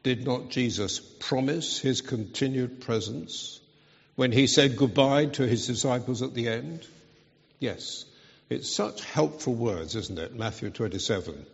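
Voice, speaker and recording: A man's voice: medium pitch, vocal fry. A man preaching a sermon, speaking earnestly and with emphasis. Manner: slow, earnest, emphatic delivery. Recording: dull, reverberant hall sound.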